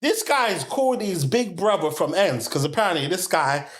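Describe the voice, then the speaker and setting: A young man spins a story on a casual podcast, dropping slang and breaking into laughter. His voice sits high, swoops about with wide range, and has a bright, forceful edge. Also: normal speed. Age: young adult. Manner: animated, laughing, heavy slang fillers. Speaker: podcast co-host.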